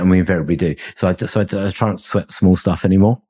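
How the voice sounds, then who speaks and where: A man's voice: sits low, steady tone, racing, few pauses, dark tone, slightly rough. A middle-aged man, a consultancy founder, talking reflectively in a podcast interview, rambling with fillers and chuckles. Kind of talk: conversational interview.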